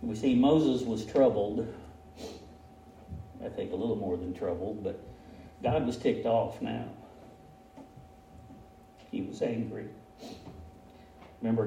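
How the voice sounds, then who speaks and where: In a folksy, conversational sermon, a pastor with a mellow, lowish voice frequently laughs at himself. The recording, made from afar in a church hall, is echoey and carries a little hiss or hum.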